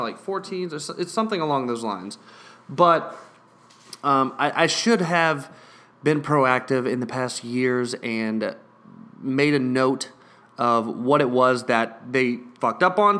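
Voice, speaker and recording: Sweary, stammering man with a bright voice. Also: medium pitch. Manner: swears constantly, stammers and repeats words; irritated, sarcastic retelling. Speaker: storyteller. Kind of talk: profane storytime rant.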